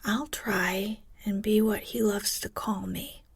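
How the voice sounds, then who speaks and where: Woman doing tomboyish wild teen girl, whispered role-play, husky whisper, dry. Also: mid-range voice, slow, no room sound, exaggerated voice. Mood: resolved.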